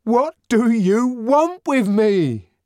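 A man voicing an anguished, furious young savage, pleading and screaming in a high strained voice. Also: expressive, drawn-out words, a little mellow, no echo, clean studio sound, heavily acted. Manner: pleading, then screaming in rage.

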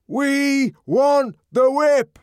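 A man voicing a frenzied crowd, chanting in a slow, heavy, insistent rhythm. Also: extremely high pitch, animated, no echo, studio quality, voice pushed up, full character voice. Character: chanting frenzied mob of sightseers.

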